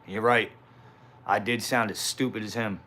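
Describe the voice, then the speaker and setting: A man's voice: lowish voice, steady tone, moderate pace, sharp tone, a little hiss or hum. A young man talking casually on a livestream, rambling and swearing with self-mocking laughs. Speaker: live streamer.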